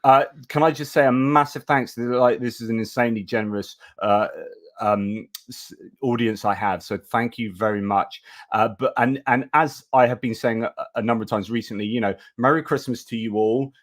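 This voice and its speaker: A man's voice: medium pitch, moderate pace. A British man hosting a casual live chat, talking in a rambling, chatty way and thanking his viewers. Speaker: host of a live chat stream.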